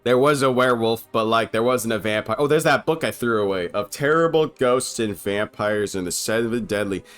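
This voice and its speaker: A young man with a mid-range, fairly bright voice talks at normal speed while poking irreverent fun at an old movie. Unscripted and loose, he curses freely and keeps cracking himself up, with soft music playing behind him.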